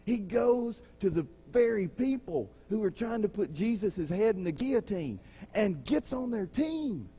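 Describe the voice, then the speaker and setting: A man's voice: sits high, big pitch swings, a little slow, dark tone, husky. A man preaching a sermon. He talks in a conversational way, asks the congregation questions and acts out the people in his stories. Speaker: pastor.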